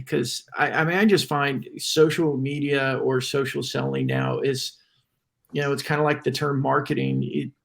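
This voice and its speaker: Very gravelly man musing on a panel. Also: medium pitch. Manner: reflective, questioning, thinks aloud. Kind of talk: casual panel discussion.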